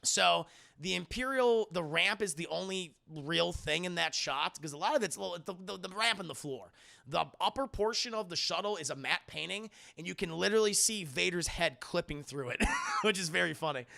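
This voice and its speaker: Excitable, gravelly male streamer. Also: high voice, moderate pace. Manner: excitable, profane, laughing. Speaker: streamer reviewing a film. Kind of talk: casual live-stream chat.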